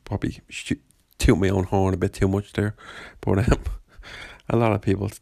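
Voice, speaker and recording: Low gravelly guy rambling on his podcast, dead dry sound. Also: flat delivery, normal speed, dark tone, dry recording. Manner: chatty, rambling, self-deprecating. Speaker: podcast host. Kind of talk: casual chat.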